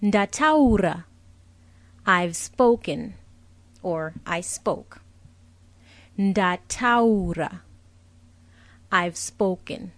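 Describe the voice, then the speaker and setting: Slow, patient woman language teacher. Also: mid-range voice, lively intonation, dry recording. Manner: patient, clear, explains each word with a translation. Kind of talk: slow, deliberate vocabulary lesson, repeating each word.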